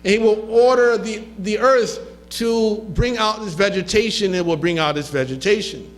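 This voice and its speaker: A man's voice: sits high, low-quality recording. A man giving a lecture in a mosque, reading Arabic texts and translating them into English with loose spoken asides. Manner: reads hadith in Arabic and translates into English, with asides and a quick laugh.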